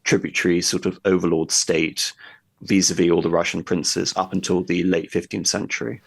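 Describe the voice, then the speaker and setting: A man discussing history at length in a conversational way, pausing often with fillers and restarts. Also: deep voice, little pitch movement, vocal fry, slightly rough, dry recording. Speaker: guest history commentator.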